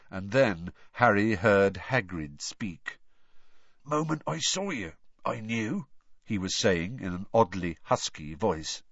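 A man reading a story aloud in a measured, expressive way. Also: lowish voice, no room sound. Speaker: audiobook narrator. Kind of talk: storybook narration. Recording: dull lo-fi, dry.

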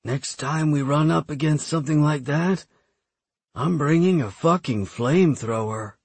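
A man voicing a croaking, burned woman soldier. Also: fairly high pitch, a little slow, no echo, pitched above the performer's own voice. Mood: gritty. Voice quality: croaky, smoker-like rasp. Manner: crude, dry humor. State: barely breathing.

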